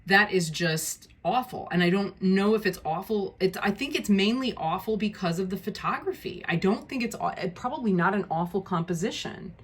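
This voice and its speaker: A woman's voice: mid-range voice, lively intonation, normal speed, hardly any pauses, breathy edge. A woman talking casually through a tarot deck walkthrough, frank and easily exasperated, with many ums and restarts. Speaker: tarot video creator.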